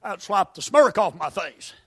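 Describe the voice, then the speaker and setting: A man from North Carolina with a Southern accent, preaching a sermon in a folksy storytelling way that breaks into shouting. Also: high voice, animated, a little slow, gravelly.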